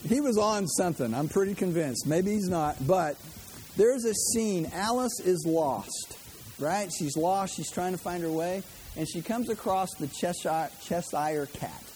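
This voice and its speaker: A man's voice: sits high, lively intonation, measured pace, a little mellow, a little hiss or hum. A man preaching a sermon as pastor, chatty and conversational, with joking asides to the congregation.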